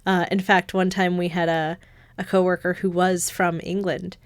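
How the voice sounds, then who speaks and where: A young woman giving casual, chatty gameplay commentary, thinking out loud and giggling. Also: on the low side, flat delivery, moderate pace, slight background noise. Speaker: gameplay streamer.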